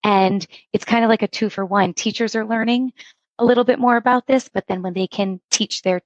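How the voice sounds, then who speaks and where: Speaking a little fast in a mid-range voice, a middle-aged woman shares anecdotes during a podcast interview and acts out what people said. She's an instructional coach with an animated storytelling style, captured in a dry, dull recording.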